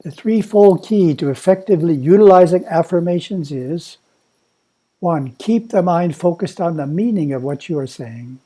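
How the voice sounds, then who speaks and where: Guy reading a calm spiritual lesson, soft mellow tone, kinda highish, takes his time. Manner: measured, instructive, slow. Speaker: monastery teacher. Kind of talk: prepared spiritual talk read aloud.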